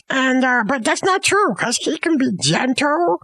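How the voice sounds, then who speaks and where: A woman's voice: high-pitched, animated, measured pace, hardly any pauses, pushed and bright, no room sound, low-quality recording. A woman telling a story casually, rambling with many fillers and acting out what people said. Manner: rambling, filler-heavy, acts out quoted dialogue.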